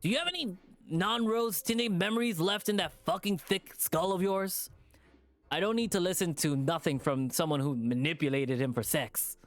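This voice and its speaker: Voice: medium pitch, normal speed, close to an everyday voice. A streamer voicing an angry, defensive young man in a visual novel with a put-on Spanish accent, swearing and snapping. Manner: swearing, shouting. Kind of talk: visual novel read-aloud.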